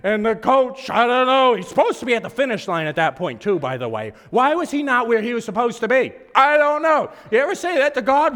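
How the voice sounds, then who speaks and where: A hoarse man preaching a sermon, telling a story in an animated, self-mocking way and laughing often. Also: extremely high pitch, a little fast, hardly any pauses. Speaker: pastor. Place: church service hall. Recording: echoey hall reverb.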